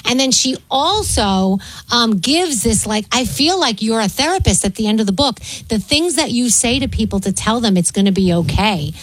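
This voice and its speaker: Slightly high-voiced woman co-host. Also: expressive, normal speed, hardly any pauses, no room sound, rough recording. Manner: warmly appreciative, asks questions. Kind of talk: conversational interview hosting.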